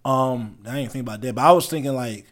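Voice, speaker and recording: A man's voice: medium pitch, fast. A young man hosting a podcast in casual chat, talking in loose, profane, slangy banter. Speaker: podcast host.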